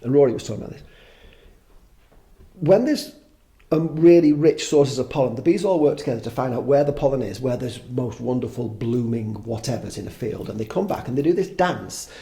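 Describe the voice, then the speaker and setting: A man's voice: mid-range voice, expressive, brisk, mellow. A man in his fifties, a podcast guest, chatting casually in a rambling way, swearing freely and making fun of himself. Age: 50s. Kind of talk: casual conversation.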